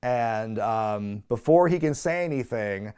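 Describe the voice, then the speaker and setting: A man hosts a casual recap show in an animated, conversational voice. He laughs often and keeps switching into quick quoted voices. His pitch sits in an ordinary middle range for a man. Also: smooth. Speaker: wrestling recap podcast host.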